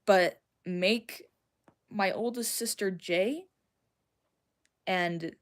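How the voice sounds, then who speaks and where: Chatting with her stream viewers, this young woman from the American South drifts from topic to topic, giggling and poking fun at herself as she responds to chat. She speaks at a medium pitch and draws out her words.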